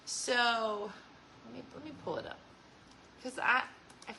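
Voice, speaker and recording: A woman's voice: fairly high pitch, lively intonation, a little slow, vocal fry, pushed and bright, slight background noise, rough recording. A woman hosting a casual chat show, talking with viewers, laughing often and acting out what people said. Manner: chatty, laughs often, acts out quoted voices. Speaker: host.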